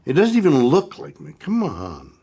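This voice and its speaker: A man's voice: a little high, huge pitch swings, moderate pace, gravelly, dark tone, breathy edge. An older man reviewing impressions of himself in a scripted comic video, incredulous and stammering, repeating himself.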